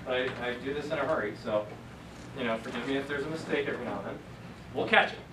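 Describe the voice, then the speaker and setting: A man's voice: mid-range voice, fast talker. Jokey male teacher in an echoey classroom. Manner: jokey, encouraging, thinks aloud. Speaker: Greek teacher. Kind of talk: classroom lecture. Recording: echoey room from a distant mic with noise.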